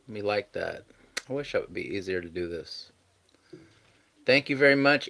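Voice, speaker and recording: A man's voice: fairly low pitch, expressive, normal speed, creaky, a bit bright. A man hosting a casual live stream, chatting easygoingly and thanking viewers as he reads out their messages.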